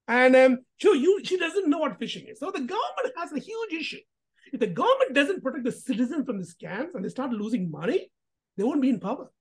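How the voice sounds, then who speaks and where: A woman hosting a casual commentary vlog, talking in an animated, emphatic way with rhetorical questions and restarts. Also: high voice, brisk. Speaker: host.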